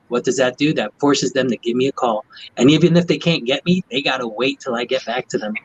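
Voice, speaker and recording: Husky guy doctor telling a story on a video panel, earnest. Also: mid-range voice, a little fast, poor audio. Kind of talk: video call chat.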